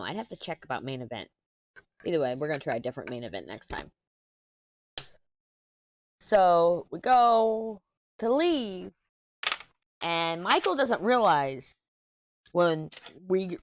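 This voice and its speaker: A woman in her 30s who hosts a crafting channel chats casually while diamond painting, rambling through a story and correcting herself along the way. Her voice is low, with slight background noise.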